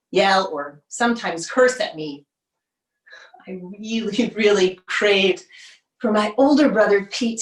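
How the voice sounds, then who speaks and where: A woman telling her own story on a theater stage, slow and wry, with a lively rise and fall. The sound is roomy and picked up from a distance. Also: mid-range voice. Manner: measured, wry, pausing for effect. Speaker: solo performer. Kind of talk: autobiographical stage monologue.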